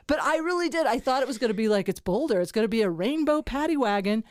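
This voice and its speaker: A woman hosting a casual podcast chat, laughing easily and using casual slang with quick interjections. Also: a little high, lively intonation, dry recording, clean studio sound. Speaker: podcast host. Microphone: studio mic.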